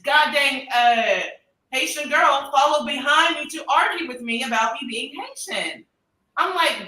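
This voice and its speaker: Bright-voiced American woman telling a story. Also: sits high, unhurried, distant mic, a little hiss or hum. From United States. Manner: animated, acts out dialogue in quoted voices. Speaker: expat podcast guest. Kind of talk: casual storytelling chat. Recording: echoey room, a little off-mic.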